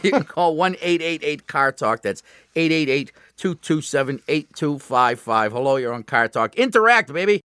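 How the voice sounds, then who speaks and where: A man's voice: a little high, lively intonation, moderate pace, fairly bright tone, clean tone, dry recording, studio quality. A man with a Boston accent hosting a radio call-in show, playful and chatty with callers. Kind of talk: joking radio banter. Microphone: studio mic.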